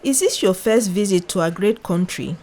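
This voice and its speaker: A woman's voice: mid-range voice, normal speed, mellow, close to an everyday voice. A woman voicing a bald male customs officer who grumbles and needles a traveller. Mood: grumbling scornful. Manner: grumbling, needling, then flaring up.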